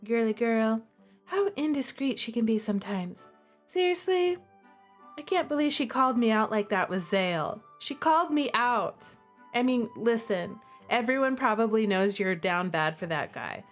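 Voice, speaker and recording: A young woman reading a dating-sim game aloud and reacting with excited, gushing commentary. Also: moderate pace, soft background music. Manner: excitable and gushing, with big pitch jumps. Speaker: streamer playing a dating sim.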